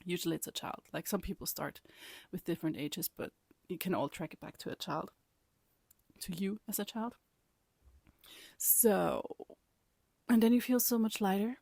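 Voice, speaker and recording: A woman talking straight to her viewers in a vlog, rambling and animated. Her voice sits on the low side and sounds dry and close. She laughs often and sometimes drops into a whisper. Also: normal speed, vocal fry, pauses often, dry recording. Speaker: vlogger. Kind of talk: casual personal storytelling.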